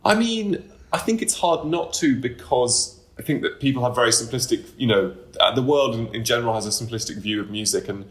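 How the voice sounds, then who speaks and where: A man's voice: medium pitch, expressive, brisk. A man, a band member being interviewed, talking in a loose, rambling way with many fillers and restarts. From United Kingdom. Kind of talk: casual interview talk.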